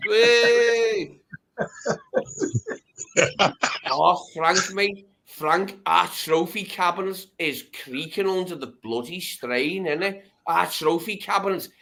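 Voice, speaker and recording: A man's voice: high voice, fairly bright tone. A man joining as a guest, bantering with mild swearing and tag questions. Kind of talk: casual chat.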